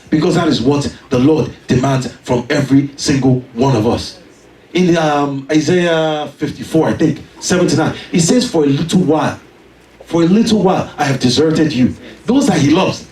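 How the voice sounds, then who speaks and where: Man, sermon, animated and emphatic, echoey hall, off-mic. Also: on the high side, normal speed, far from the mic. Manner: animated storytelling, rising to emphatic shouts. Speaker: preacher. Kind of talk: sermon with personal story. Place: church.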